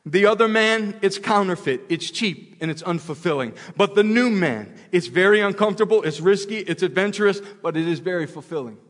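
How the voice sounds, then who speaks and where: Man, preacher, sermon, high voice, long hall echo, impassioned, repeats phrases. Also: expressive, a little fast, few pauses. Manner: impassioned, repeats phrases, swings loud to hushed.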